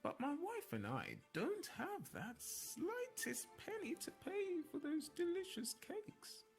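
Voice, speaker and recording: A woman voicing a gentle, worried old husband who pleads and stammers. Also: very high-pitched, huge pitch swings, takes it slowly, soft background music, pitched above the performer's own voice, full character voice.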